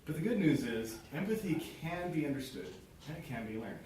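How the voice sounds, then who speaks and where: A man's voice: fairly high pitch, very animated, brisk, darkish tone, a little hiss or hum. A man giving a prepared speech to a small club audience, earnest, acting out short example dialogues. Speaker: club speaker. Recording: very echoey room, mic far off.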